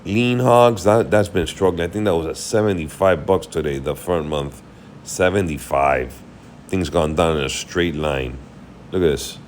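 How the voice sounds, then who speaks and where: A man's voice: low-pitched, normal speed, slight background noise. A tired man rambling casually through a market recap, thinking aloud while he checks charts. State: tired, yawning. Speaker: market commentary host.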